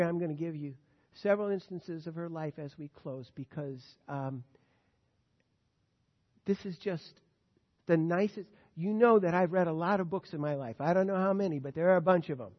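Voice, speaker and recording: A man preaching a sermon, dropping to quiet asides and rising to loud, emphatic readings of scripture. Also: a little high. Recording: dull sound in a reverberant hall.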